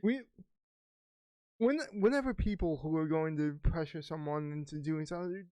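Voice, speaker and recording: A man's voice: fairly high pitch, normal speed, dark tone, clear, resonant tone, no room sound. A man co-hosting a podcast in casual chat, agreeing and sounding exasperated, with some swearing. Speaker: podcast co-host.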